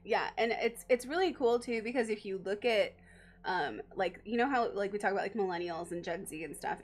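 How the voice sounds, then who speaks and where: Woman casually explaining astrology. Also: medium pitch. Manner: laughs often, explains with many fillers. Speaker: guest astrologer.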